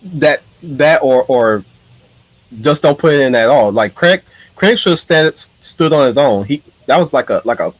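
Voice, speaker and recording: A man's voice: medium pitch, lively intonation, moderate pace, no echo. A man hosting a casual live stream, telling his ideas in an eager, rambling way. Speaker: streamer host.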